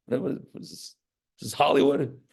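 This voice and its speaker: A man giving a lively sermon as a rabbi at a live class, talking in an animated way with joking asides and acted-out quotes. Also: a little fast. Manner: animated, acts out quoted voices, jokey asides. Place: live class before an audience.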